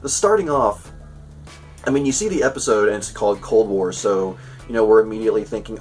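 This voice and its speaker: In a laid-back episode review, the host meanders and frequently restarts what he's saying. His fairly low voice runs a little fast, recorded somewhat away from the microphone with faint music behind him.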